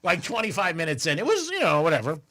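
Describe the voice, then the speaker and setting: A male radio host who tells stories in lively, casual banter and laughs often. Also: on the high side, fast talker. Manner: animated storyteller, laughs often.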